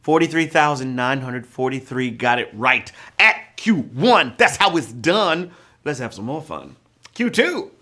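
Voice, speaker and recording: A man's voice: mid-range voice, lively intonation, unhurried, bright, forceful tone. A man hosting a live trivia show, reading questions with playful rhyming quips and jokes. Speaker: trivia game show host.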